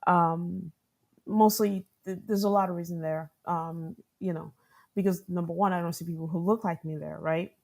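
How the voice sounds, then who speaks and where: With a fairly low pitch, moderate pace and vocal fry, a woman who directs product management tells workplace stories in a conversational interview. She animatedly acts out what people said, laughs frequently, and often tags points with "right?"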